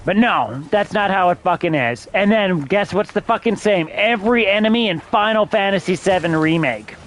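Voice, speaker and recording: Streamer guy, high voice, swears constantly, frustrated rant into a desk mic. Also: expressive, normal speed, fairly bright tone, soft background music. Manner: profane, exasperated ranting. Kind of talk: casual game-stream rant.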